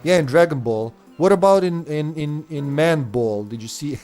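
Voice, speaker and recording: A male game streamer with a slightly high voice. He rambles casually, swears freely and laughs often. Faint game music runs under his talk. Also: expressive, normal speed, warm tone. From Serbia. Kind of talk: casual gameplay commentary.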